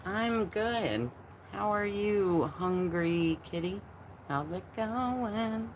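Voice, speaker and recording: A woman's voice: mid-range voice, animated, drawn-out words, a little hiss or hum. A woman in her forties hosting a casual livestream at home, chatting and answering her chat in a rambling way, full of fillers and restarts. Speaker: livestream host.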